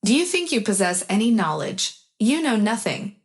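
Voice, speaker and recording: A woman's voice: mid-range voice, sing-song, normal speed. Figure: a woman voicing a scornful scheming stepfather. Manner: dismissive. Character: scheming middle-aged stepfather, defiant and aggressive.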